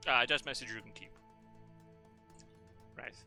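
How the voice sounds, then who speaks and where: A man's voice: mid-range voice, normal speed, creaky, music in the background. A man streaming a game in casual, playful chat, rambling and swearing freely.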